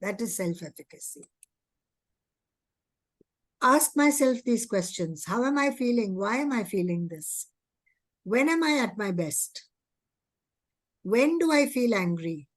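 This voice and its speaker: A woman gives an earnest teacher training talk. Her voice sits a little high, and she keeps posing rhetorical questions. The sound is close and dry, with no room around it. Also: expressive, measured pace, pauses often, dry recording. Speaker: early childhood education trainer.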